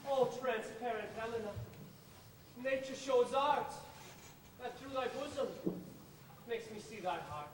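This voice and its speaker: A man's voice: very high voice, measured pace, pauses often, a little hiss or hum. A man playing a young, impetuous Athenian nobleman, earnestly declaiming verse on a stage. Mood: ardent. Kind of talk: stage play performance. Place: theater stage. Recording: echoey stage from far off.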